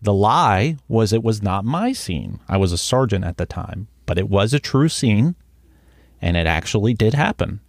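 A man's voice: on the low side, normal speed, no echo, clean studio sound. A man who was once a police sergeant, chatting casually on a podcast game, teasing and swearing, calling his co-host bro. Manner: animated, teasing, swears, calls partner bro.

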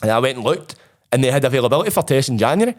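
Scottish lad rattling off a story, swears a lot, medium pitch voice. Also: male voice. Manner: rapid, sweary, animated retelling. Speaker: guest. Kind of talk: casual storytelling.

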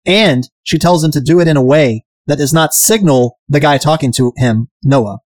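A man's voice: a little high, moderate pace, a little mellow, no room sound. A man hosting a podcast, recapping a TV episode in casual chat, irreverent and profane, sometimes mimicking characters. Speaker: podcast host.

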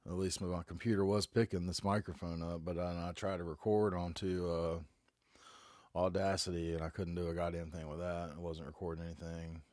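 Stuffy with a head cold, a 40-something North Carolina man hosts a casual solo podcast from his back bedroom on a phone, rambling glumly and cursing heavily. His low, darkish voice shows little pitch movement and moves fairly quickly. The sound is clean studio quality with no echo.

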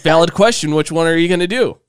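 Young man, teasing podcast banter, smooth clear voice, fairly high pitch, dry close mic. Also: fast talker, dry recording. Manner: teasing, playful, jokey. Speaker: podcast co-host. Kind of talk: casual chat.

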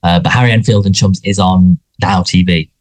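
A man with a low, somewhat dark voice co-hosts a podcast, talking a little fast in a steady tone. He chats casually about a sitcom, rambling with frequent restarts and fillers.

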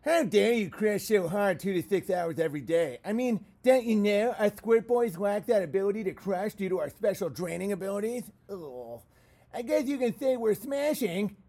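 A whiny, smug young man from a mom's basement, put on by a man reading a letter aloud. His sneering, mocking delivery sits high in pitch and comes out softer than a normal speaking voice. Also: animated, normal speed.

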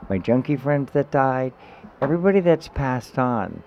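A man telling an emotional personal story in a podcast chat, animated and swearing freely. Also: mid-range voice, moderate pace. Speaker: guest. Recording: dull, slightly noisy podcast audio.

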